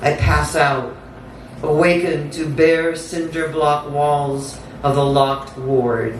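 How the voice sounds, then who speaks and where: A woman poet giving a live reading with a slow, incantatory delivery, repeating words for effect. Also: low voice, steady tone. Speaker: featured poet. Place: theatre stage. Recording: echoey theatre, distant mic, faint hum.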